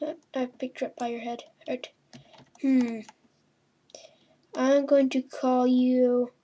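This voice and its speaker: High-voiced woman chatting through a horror game. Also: flat delivery, slow pace, warm tone, lo-fi sound. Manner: chatty, talks to game characters, mild swearing. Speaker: gaming channel host. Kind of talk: playful horror-game commentary.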